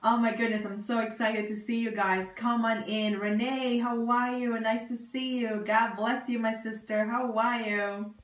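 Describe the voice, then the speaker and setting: Recorded on a phone or webcam, a woman livestream host welcomes her viewers by name in bubbly, casual conversation. Her voice is fairly high, though her delivery is flat and unhurried.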